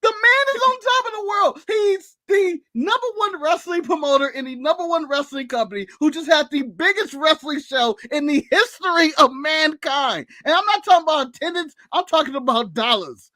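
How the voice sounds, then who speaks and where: A man's voice: very high voice, animated, normal speed, hardly any pauses, sharp tone, no echo. A man from the United States co-hosting a casual podcast, ranting sarcastically with laughs and swearing. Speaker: podcast co-host.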